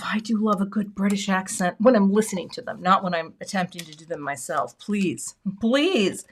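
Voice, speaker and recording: A woman's voice: lowish voice, expressive, normal speed, gravelly, few pauses, pushed and bright. An American woman hosting a live card-making stream, chatting casually and greeting viewers by name as she works. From United States. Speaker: card-making livestream host. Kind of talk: casual live crafting chat.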